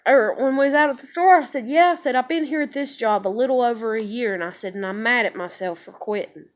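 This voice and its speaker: Woman vlogger with a somewhat high voice, frustrated and swearing constantly through a casual rant to camera. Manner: frustrated, heavily profane ranting. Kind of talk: casual venting monologue to camera.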